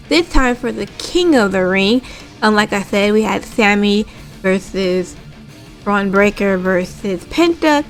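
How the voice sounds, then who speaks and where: A woman casually recapping a wrestling show, retelling scenes with quick impressions and swearing freely. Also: fairly high pitch. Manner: animated, swears casually, laughs.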